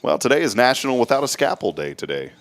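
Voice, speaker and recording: A man's voice: mid-range voice, sing-song, fast talker. A man hosting a morning talk show, joking and rambling casually. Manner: goofy, rambling, laughs often.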